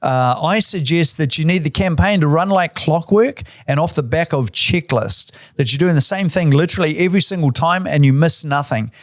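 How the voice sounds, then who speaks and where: A man's voice: fairly high pitch, normal speed, few pauses, dry recording, studio quality. A middle-aged man, a real estate boss giving tips in a chatty, enthusiastic way full of fillers. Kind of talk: casual instructional talk.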